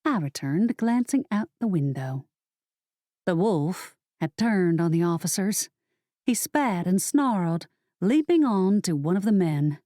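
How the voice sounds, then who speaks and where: Woman narrator, audiobook storytelling, slow, slightly low voice, dry booth sound. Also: dry recording. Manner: steady, measured storytelling. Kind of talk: first-person audiobook narration.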